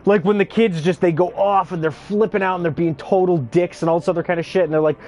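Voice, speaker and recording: A young man telling profane work stories in casual chat, acting out quotes in animated bursts. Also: high-pitched, quick pace, lo-fi sound. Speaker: youth care worker. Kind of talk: casual storytelling while gaming.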